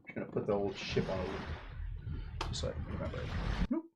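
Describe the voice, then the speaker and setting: A man's voice: fairly low pitch, huge pitch swings, fast, background noise. A man hosting a cocktail show, talking casually in a rambling way, interrupting himself with jokey asides. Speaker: host of a drinks show.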